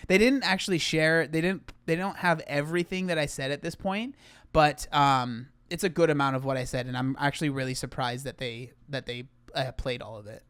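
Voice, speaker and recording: A man's voice: a little high, a little fast, a bit bright, clear, resonant tone, no echo. A young man giving casual reaction commentary, rambling with lots of filler words and restarts. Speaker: YouTuber reacting to his TV appearance.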